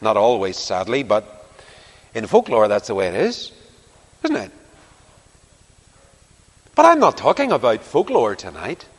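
Male preacher, mid-pitched, very expressive, storytelling sermon; long hall reverb on the voice. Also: unhurried, pauses often. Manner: animated storytelling, rising to emphatic declarations. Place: large church or hall before a congregation.

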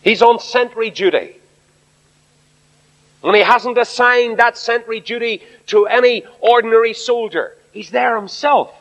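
Irish preacher in an echoing hall. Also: male voice, very high voice, a little slow, fairly bright tone. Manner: emphatic, addresses the congregation directly. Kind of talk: sermon. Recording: dull recording in a reverberant hall.

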